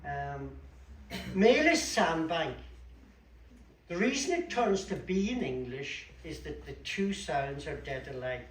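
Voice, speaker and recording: A man's voice: fairly high pitch, animated, measured pace, hardly any pauses. A man with a Donegal Irish accent giving a chatty talk on local place names at a community event. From Donegal, Ireland. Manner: chatty, explanatory, with dry asides. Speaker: guest speaker at a local history talk. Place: community hall at a book launch. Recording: echoey hall, distant mic, faint room noise.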